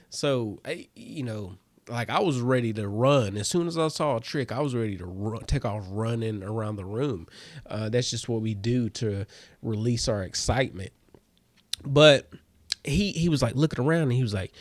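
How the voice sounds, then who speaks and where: A man telling a rambling comic story in a casual way, his voice jumping high when he gets excited. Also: moderate pace, dry recording. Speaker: comedian host.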